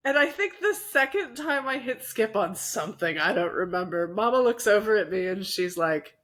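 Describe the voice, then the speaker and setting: A woman's voice: mid-range voice, big pitch swings, normal speed, hardly any pauses, fairly bright tone. A woman co-hosting a podcast in casual chat, teasing and laughing often. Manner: giggly, teasing. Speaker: podcast co-host.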